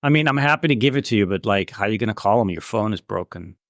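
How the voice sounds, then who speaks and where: A man at a tabletop game speaks in character with a defiant, cocky edge. His voice is lowish and recorded close and dry. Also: expressive, fast talker, a bit bright, no room sound. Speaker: player.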